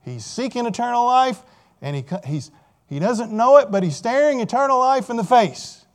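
A man's voice: extremely high pitch, expressive, moderate pace. A man preaching a sermon with emphasis, repeating key phrases and putting questions to his listeners.

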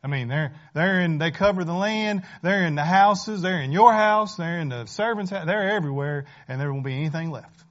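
A man preaching a sermon as pastor, talking conversationally, rising to emphatic points and dropping to hushed ones. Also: a little high, normal speed, hardly any pauses, highs cut off.

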